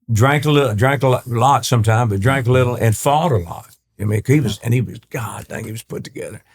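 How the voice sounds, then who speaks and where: Brief: East Texas man, country singer guest, low voice, rambling storyteller who acts out quotes. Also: darkish tone. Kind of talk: storytelling interview talk.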